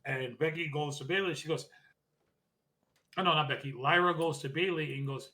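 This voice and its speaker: A man's voice: on the high side, sharp tone. A man co-hosting a podcast, recapping a wrestling show in casual chat, rambling and quoting the wrestlers. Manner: rambling recap, quick asides, mock-quotes wrestlers. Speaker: podcast co-host.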